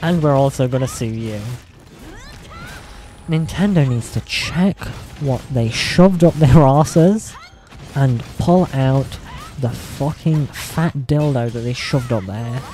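A woman streaming casually, rambling and cursing between giggles as she practises a higher voice. She talks at a slow, unhurried pace in a soft, mellow tone. Faint music plays underneath. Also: a little hiss or hum. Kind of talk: casual livestream chat.

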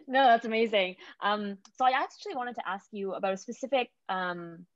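A young woman student asking a question on a panel, hesitant and filling pauses with ums. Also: mid-range voice. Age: young adult. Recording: dull, dry lo-fi mic.

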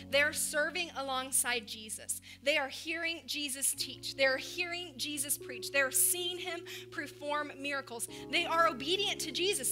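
High-voiced woman preaching, animated and casual. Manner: animated, emphatic storytelling with casual asides. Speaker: pastor. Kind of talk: conversational sermon. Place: church.

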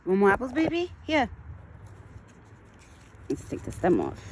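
Woman, casual outdoor vlogger, animated pitch; soothes animal in soft high baby-talk. Phone mic, faint ambient noise. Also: a little slow, long pauses. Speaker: vlogger feeding a wild deer. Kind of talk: casual outdoor vlog narration.

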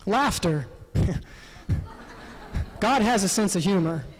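A man presenting a Bible study session in an animated, laughing way, acting out the quotes. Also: high-pitched, extremely slow. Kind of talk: lively Bible study talk. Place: parish hall. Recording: long hall reverb.

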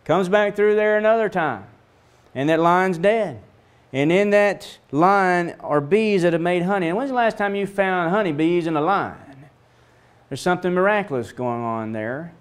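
A middle-aged man teaching a Bible lesson in a lively storytelling way, acting out the voices of the people in the story. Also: moderate pace, clean tone. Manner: storytelling, acts out voices with big pitch swings.

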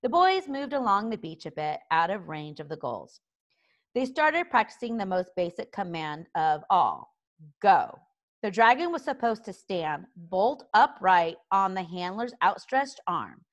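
A woman reading a children's book aloud, unhurried and expressive. Her voice sits mid-range but rises and falls in lively swoops. She takes her time over each line. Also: medium pitch. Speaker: story reader.

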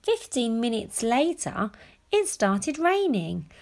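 A woman reading a children's picture book aloud, gently and expressively. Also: a little high, big pitch swings, slow pace. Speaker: storyteller.

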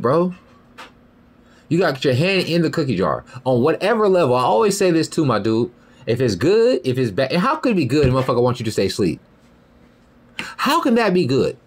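A young man hosting a podcast in a rambling, profane casual monologue, often asking "you feel me". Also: medium pitch. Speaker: podcast host.

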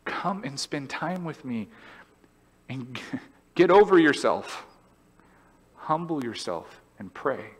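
Animated man preaching in a reverberant church. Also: mid-range voice, takes it slowly, long pauses, breathy edge. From California. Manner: animated, storytelling, acts out voices and laughs. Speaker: pastor. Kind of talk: sermon. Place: church sanctuary.

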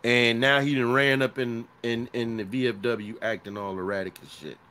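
A man's voice: medium pitch, moderate pace, sharp tone, clean tone. A middle-aged man co-hosting a podcast in casual chat, profane and storytelling, often acting out quotes. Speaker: podcast co-host.

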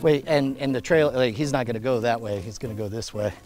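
A man's voice: medium pitch, fast talker, a little mellow. A man hosting, bantering jokily between takes in a hot warehouse, laughing often and restarting his lines. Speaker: host. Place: hot warehouse without air conditioning.

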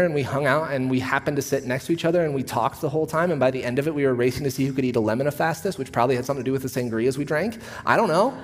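A man who is a pastor, preaching a sermon in a church auditorium. He talks in a relaxed, conversational way, telling stories with a joking edge. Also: on the high side. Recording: long reverb of a church hall.

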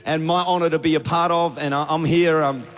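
A man's voice: a little high, a little fast, some chatter behind, slight background noise. A man with an Australian accent, a youth pastor preaching and leading prayer with energy. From Australia (Tasmania). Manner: energetic, rising to fervent prayer. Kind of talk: sermon with prayer. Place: large church auditorium. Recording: big church hall reverb.

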